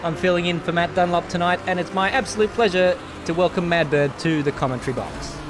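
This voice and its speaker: A man commentating a sim racing league race, lively and quick to laugh, on a desk microphone. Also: sits high, noisy background. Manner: lively, laughs often, excitable. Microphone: desk USB microphone. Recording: music playing behind.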